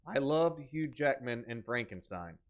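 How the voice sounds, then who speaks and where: A man's voice: medium pitch, a little slow, lo-fi sound. Joking man hosting a horror-game stream. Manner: energetic, joking, teasing chat. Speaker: streamer host. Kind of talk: live horror-game commentary.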